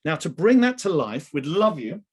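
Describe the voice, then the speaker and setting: A middle-aged man talks on a video call, leading a sales training webinar. His pitch rises and falls in a lively way as he poses questions to the listeners and answers them himself, staying chatty throughout. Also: moderate pace, breathy edge. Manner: animated, conversational, asks the audience questions. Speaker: webinar presenter and sales coach. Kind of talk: live webinar presentation.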